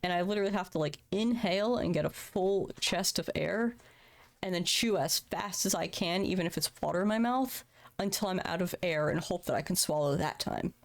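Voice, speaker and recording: Broadcasting from her home room, a streamer in her thirties gets candid and emotional on a livestream, swearing casually along the way. She speaks briskly in a lowish voice.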